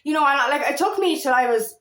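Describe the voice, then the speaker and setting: Woman in her thirties, empowerment coach, candid rambling monologue, fairly high voice, echoey room. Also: animated, fast, a bit bright. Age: 30s. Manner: candid, rambling with many fillers and restarts. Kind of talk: personal monologue to camera.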